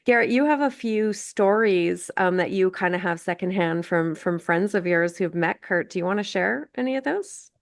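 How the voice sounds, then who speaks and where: A woman's voice: mid-range voice, lively intonation, moderate pace, gravelly, hardly any pauses, no room sound, studio quality. A middle-aged woman from Canada hosting a casual interview, chatty and full of fillers and restarts. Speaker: host.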